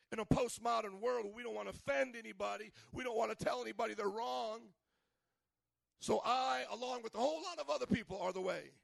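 A pastor in his thirties delivers a lively, joking sermon and sometimes shouts. His voice is high and strongly gravelly. The recording is dry and close. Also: fairly quick, dry recording. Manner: animated and humorous, at times shouting.

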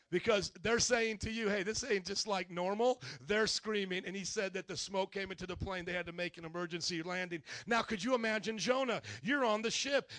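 Male pastor, high voice, dry recording; lively sermon with call-and-response. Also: no room sound. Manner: animated storytelling, bursts into loud delivery.

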